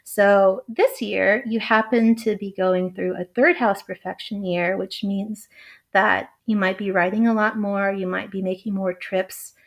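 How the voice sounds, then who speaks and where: A woman astrologer explaining a chart in casual chat, talking loosely with constant "like" fillers and quick giggles. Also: medium pitch, fairly even intonation, vocal fry. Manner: chatty, heavy use of "like", giggly. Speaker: astrologer guest.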